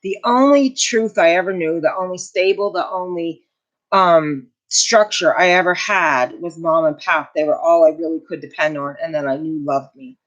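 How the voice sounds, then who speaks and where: A woman's voice: lowish voice, normal speed. A middle-aged woman hosting a casual livestream, telling a family story with emotion and indignation and answering viewer comments. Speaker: channel host. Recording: dull lo-fi home recording.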